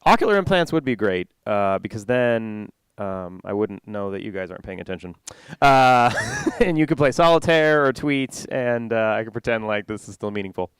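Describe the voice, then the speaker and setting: A man's voice: on the low side, expressive, moderate pace, few pauses, clear, resonant tone, dry recording. A young man doing stand-up at a conference, rambling and interrupting himself as he laughs at his own jokes. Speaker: stand-up comedian. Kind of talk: stand-up comedy. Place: conference stage.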